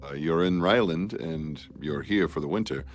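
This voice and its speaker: Low male voice, formal role-play player, courtly phrasing. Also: normal speed, faint music behind. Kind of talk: in-character tabletop role-play.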